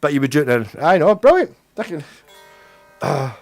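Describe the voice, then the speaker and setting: A young man with a broad Glaswegian accent rambles through a casual livestream chat, swearing freely as he goes. His voice sits a little higher than most men's. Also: sing-song, normal speed, vocal fry, soft background music. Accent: Glaswegian Scottish. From Scotland. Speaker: livestream host.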